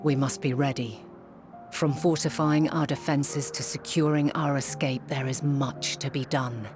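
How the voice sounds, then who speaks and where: A grave and motherly ancient leader speaks in measured, old-fashioned phrasing in a low, deep register. Soft game music plays beneath her lines. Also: fairly even intonation. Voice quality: measured, archaic formal speech. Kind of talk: game cutscene voice acting. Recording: game cutscene with music underneath.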